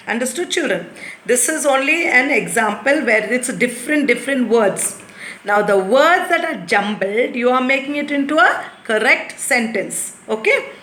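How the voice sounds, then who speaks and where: A woman teacher giving a lesson to young children, explaining patiently and repeating things slowly. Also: fairly high pitch, fairly bright tone, slight background noise. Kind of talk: recorded classroom lesson. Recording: echoey room.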